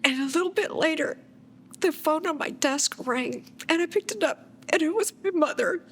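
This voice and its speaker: A woman giving a documentary interview, recounting her own story in a halting, soft-spoken way with sighs. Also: sits high, slight background noise. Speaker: abuse survivor telling her story.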